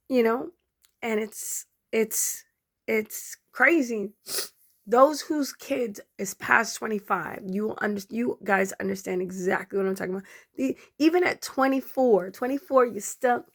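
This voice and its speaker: A woman's voice: fairly high pitch, unhurried. A woman in her forties hosting a podcast, talking emotionally to her followers and fighting back tears as she speaks. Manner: conversational, addresses listeners directly. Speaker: podcast host. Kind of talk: emotional personal talk to followers.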